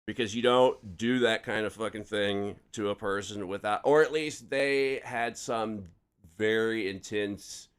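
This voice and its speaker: A man's voice: fairly low pitch, unhurried, clear, resonant tone. A man hosting a casual true-crime podcast chat, rambling, swearing freely and correcting himself as he goes. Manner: rambling, profane, self-correcting. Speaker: podcast host.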